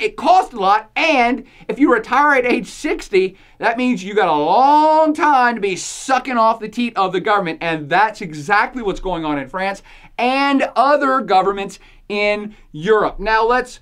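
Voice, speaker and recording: A woman's voice: on the high side, lively intonation, a little slow. A woman hosting a podcast, giving opinionated commentary in a jokey, sarcastic way and laughing often between points. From United States. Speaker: podcast host.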